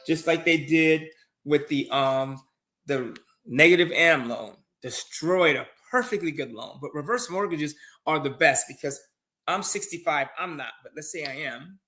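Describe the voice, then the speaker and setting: A man giving casual advice on loans and side businesses in a live conversation, telling stories with many restarts. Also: on the high side. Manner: animated storytelling, many restarts. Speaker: guest finance speaker.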